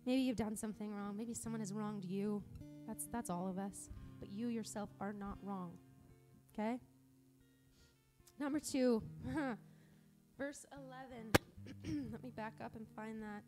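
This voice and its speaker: A woman's voice: on the high side, a little slow, long pauses, music in the background. A woman from Montana preaching a sermon in a church service, earnest and conversational, often restarting her sentences. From Montana, USA. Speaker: pastor.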